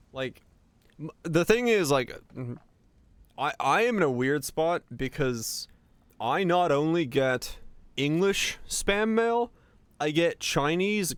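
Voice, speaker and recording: A man's voice: fairly high pitch, smooth, no echo. A streamer from Finland with an American accent carrying slight Southern touches, rambling casually as he answers chat.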